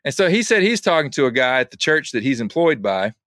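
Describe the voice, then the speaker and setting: A man guesting on a podcast in casual conversation, an animated storyteller who drops his voice when quoting others. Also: mid-range voice, fast talker, dry recording, studio quality.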